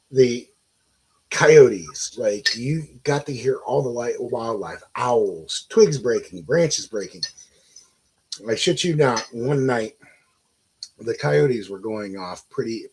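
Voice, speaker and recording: A man's voice: mid-range voice, slightly rough, poor audio. A middle-aged man, a guest on a casual live stream, telling long, rambling, profane stories with lots of restarts.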